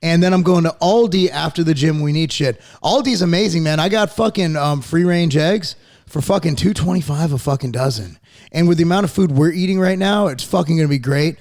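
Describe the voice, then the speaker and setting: A man's voice: a little high, a little fast. A man in his forties hosting a podcast, ranting casually with constant swearing. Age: 40s. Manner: profane, animated ranting. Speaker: podcast host.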